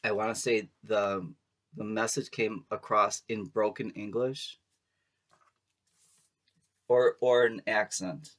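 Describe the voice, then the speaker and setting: A man's voice: lowish voice, fairly even intonation, takes it slowly, long pauses, a bit bright. A man giving a casual tarot reading to camera, chatty and playful, laughing often and making sassy asides. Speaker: tarot reader.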